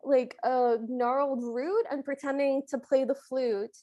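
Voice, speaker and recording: A woman co-hosting a casual podcast, retelling film scenes in a lively way. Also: high-pitched, unhurried, muffled recording. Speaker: podcast co-host.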